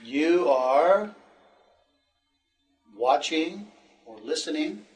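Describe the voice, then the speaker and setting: Slow, high-voiced male teacher. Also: lively intonation, recorded from a distance. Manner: slow, clear drilling of simple questions and answers. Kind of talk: scripted language lesson.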